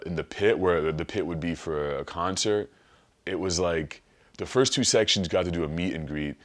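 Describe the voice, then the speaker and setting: A man on a podcast, telling an animated, rambling, profane story in casual chat. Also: sits low. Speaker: podcast guest.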